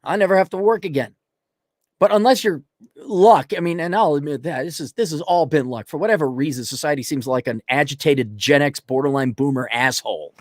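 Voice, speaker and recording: A man's voice: a little high, a little fast, dry recording, studio quality. A middle-aged man hosting a ranting commentary, blunt, profane and mocking, with sarcastic put-on voices. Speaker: host.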